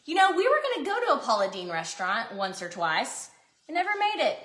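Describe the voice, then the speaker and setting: Woman cooking-vlog host, high bright voice that swoops around, self-mocking, echoey kitchen. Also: huge pitch swings, fairly quick. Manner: chatty, self-mocking, dramatic pleas for help. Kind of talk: casual kitchen chat to viewers. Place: home kitchen.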